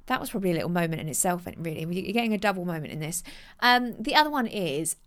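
A woman, giving casual self-help advice in a chatty, animated way and acting out quoted voices. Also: on the low side, quick pace. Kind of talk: casual motivational talk.

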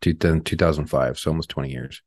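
Blunt, husky-voiced man. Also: a bass voice, fast talker, dry recording, studio quality. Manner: blunt, profane, animated storytelling. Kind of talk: casual profane chat.

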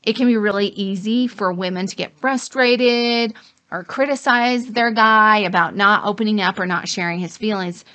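A woman's voice: mid-range voice, bright, forceful tone. A middle-aged woman co-hosting a casual advice chat, walking through points one by one. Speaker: co-host.

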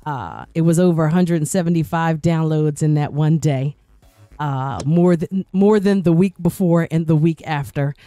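A woman's voice: low-pitched, moderate pace, mellow, no room sound. A woman radio personality guest-hosting a podcast, telling a personal story in a talkative way that repeats words, restarts and acts out quoted voices.

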